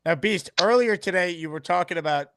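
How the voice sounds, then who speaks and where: A man hosting a sports podcast, asking teasing, deadpan questions in a casual comedic chat. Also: high-pitched, fairly quick, no room sound. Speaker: podcast host.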